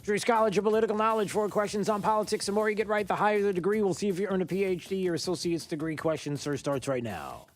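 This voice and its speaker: A man hosting a talk radio show, running a quiz with a caller and chatting in a halting way full of fillers. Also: high-pitched, animated, faint music behind.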